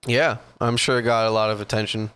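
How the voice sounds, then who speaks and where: A man hosting a casual interview on a video call, relaxed and encouraging with his guest. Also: lowish voice, a little fast, clean tone. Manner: laid-back, encouraging listener. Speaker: host.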